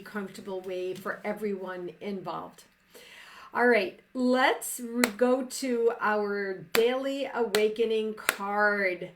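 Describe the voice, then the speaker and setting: A middle-aged woman speaks very slowly and gently, leading listeners through calm breathing as a coach. Her voice sits at an ordinary middle pitch, and her phrase endings fade off softly. She stays unhurried and soothing throughout. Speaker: life coach hosting a live session. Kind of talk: slow guided breathing and reflective talk.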